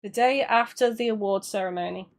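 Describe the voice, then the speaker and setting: A woman casually commenting on a game she plays, chatty and quick to laugh and react out loud. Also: mid-range voice. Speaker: let's play streamer.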